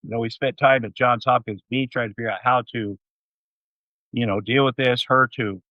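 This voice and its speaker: Male guest, sixties, mid pitch, rambling anecdotal delivery, dry and slightly muffled sound. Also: steady tone, moderate pace, no room sound. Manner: rambling anecdotes with many fillers. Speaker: interview guest. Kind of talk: casual storytelling. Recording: dull, slightly muffled audio.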